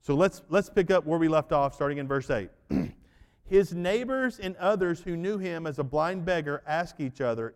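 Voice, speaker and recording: Male pastor, folksy animated preacher, higher register, reverberant church hall. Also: moderate pace, smooth. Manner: folksy, animated storytelling with acted-out voices. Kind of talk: sermon.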